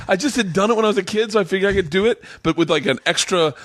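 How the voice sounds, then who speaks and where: A man's voice: high voice, racing, a little hiss or hum. A man hosting a casual comedy podcast, joking around and laughing often as he talks. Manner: joking, laughs a lot, lively delivery. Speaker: podcast host. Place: hotel room.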